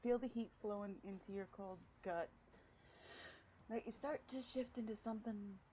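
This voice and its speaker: A woman voicing a smug, theatrical male vampire who speaks slowly and emphatically like a preacher. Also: mid-range voice, dark tone, faint music behind, lightly acted, rough recording. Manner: slow emphatic preacher-like delivery.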